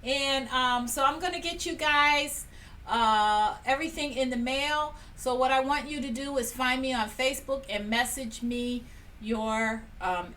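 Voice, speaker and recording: A woman's voice: a little high, bright, forceful tone. A woman hosting a live painting stream, chatting cheerfully with viewers as she draws prize winners and laughs often. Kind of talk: casual live-stream chat, running a prize drawing. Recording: a little distant from the mic, faint room noise.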